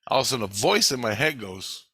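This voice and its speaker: A middle-aged man vlogging, telling a story in a rambling, excitable way with frequent swearing. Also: medium pitch, fast talker, husky, dry recording. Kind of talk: casual storytelling.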